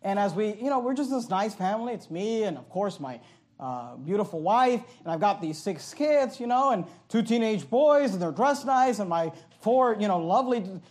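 A middle-aged man preaching a sermon as pastor, telling a story loudly and animatedly, now and then breaking into yelling. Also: high voice, normal speed. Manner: loud, animated storytelling from the pulpit; bursts into yelling.

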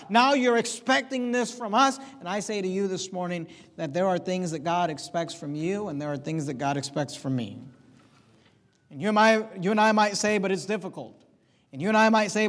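A man preaching a sermon as pastor, with emphatic delivery that acts out the people in the story. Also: sits high. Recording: reverberant hall.

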